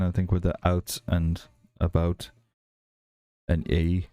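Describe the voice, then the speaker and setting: Man, softened Irish accent, deep dark voice, casual stream chat, relaxed and rambling. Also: slow, pauses often, clear, resonant tone, no echo, clean studio sound. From Ireland. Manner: rambling, relaxed, many fillers and restarts. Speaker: livestream host. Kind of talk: casual chat while building and reading chat.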